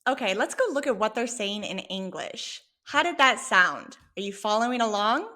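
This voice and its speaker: Bright-voiced woman teaching Spanish. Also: a little high, lively intonation. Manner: clear, patient, slow when modeling Spanish phrases. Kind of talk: language lesson, explaining dialogue.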